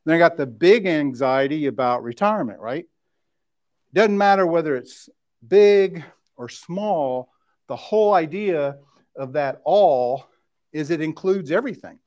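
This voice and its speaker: A man's voice: fairly high pitch, lively intonation, measured pace, a little mellow. A middle-aged man from West Tennessee teaches a conversational Bible study, often asking "right?" and restarting his sentences. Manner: informal, keeps asking "right?", restarts and checks in with the class. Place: church classroom.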